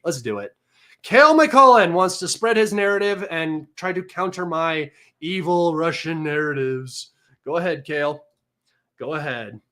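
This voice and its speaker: A man hosting a livestream, talking in a mocking, sarcastic and combative way, excitable and a little manic. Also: on the high side. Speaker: livestream host. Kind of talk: casual livestream commentary.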